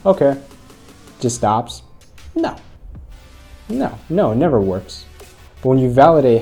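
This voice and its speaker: A man's voice: mid-range voice, lively intonation, moderate pace, pauses often, dark tone, soft background music. A man hosting a channel who talks earnestly to his viewers, retelling a story to make a point. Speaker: host. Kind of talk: motivational commentary.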